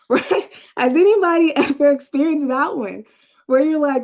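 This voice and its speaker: A woman's voice: measured pace, darkish tone. A woman presenting a mental health workshop to a room and a video call, talking conversationally, asking the audience questions and often checking in with "right?". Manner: acts out clients' inner voices with rising pitch. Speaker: workshop presenter, therapist trainee.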